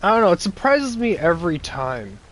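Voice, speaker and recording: Chatty young man, a bit high. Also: sing-song, moderate pace. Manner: rambling, chuckles, restarts, sarcastic asides. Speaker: gameplay streamer. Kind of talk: casual gameplay commentary.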